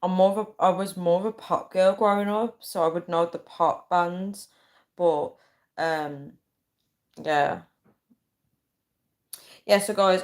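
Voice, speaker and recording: A young woman chatting casually on a live stream, rambling and reading viewer comments aloud. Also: fairly low pitch. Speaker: livestreamer.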